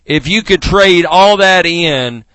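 A man's voice: high voice, expressive, takes it slowly, pushed and bright, smooth, no echo. A man hosting a comedy radio bit, rambling and teasing with lots of fillers. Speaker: radio host.

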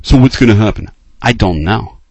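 A man hosting a late-night sports call-in show, ranting with fire and dropping to low, intense urging. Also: animated, moderate pace, breathy edge, no echo. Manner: fired-up ranting, swinging between loud outbursts and low intense urging. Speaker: sports talk show host.

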